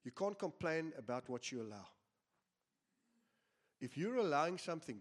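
Male pastor, emphatic repeating sermon delivery, slightly higher voice. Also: very animated, normal speed. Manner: earnest, emphatic preaching with repeated phrases.

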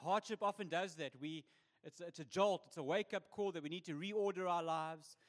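High-voiced South African preacher. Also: male voice, normal speed. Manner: conversational, humorous preaching. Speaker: pastor. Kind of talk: sermon.

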